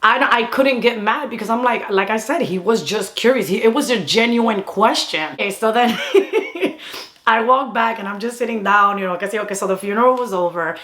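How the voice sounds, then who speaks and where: A young woman vlogger telling a funny personal story in a fast, animated way, slipping Spanish phrases into her English. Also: medium pitch. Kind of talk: casual storytime.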